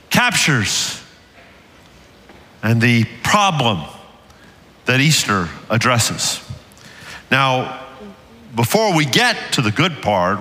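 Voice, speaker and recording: With a mid-range voice that sounds pushed and bright, an older man with a Southern US accent preaches as lead pastor in a church sanctuary. His sermon is earnest and builds toward emphatic peaks, echoing through the reverberant hall.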